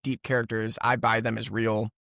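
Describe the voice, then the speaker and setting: Gravelly-voiced man chatting casually. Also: lowish voice, moderate pace, no echo, clean studio sound. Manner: laughs often, rambling and animated. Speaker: podcast co-host. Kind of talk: casual movie-review chat.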